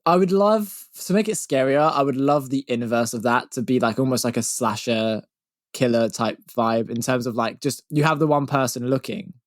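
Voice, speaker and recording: A man co-hosting a podcast, joking and teasing in lively casual chat. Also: medium pitch, moderate pace, no echo, clean studio sound. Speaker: podcast co-host.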